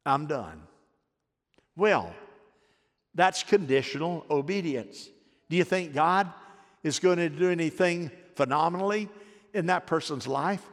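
A male pastor delivers a storytelling sermon in a slightly higher voice. He calls on the congregation to respond, and a long church-hall reverb trails his words. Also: unhurried.

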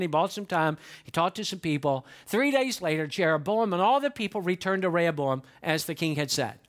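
A man's voice: on the high side, fairly bright tone. A male pastor preaching a sermon, emphatic and repeating key lines to the congregation.

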